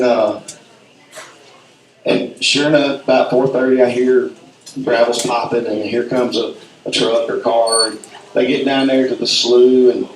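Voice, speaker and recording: A middle-aged man from North Alabama with a Southern accent, telling a folksy hunting story at a symposium. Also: mid-range voice. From North Alabama, USA. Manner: folksy, acts out sounds and quotes. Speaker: speaker at a symposium. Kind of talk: storytelling talk. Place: event hall. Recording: echoey hall, mic at a distance.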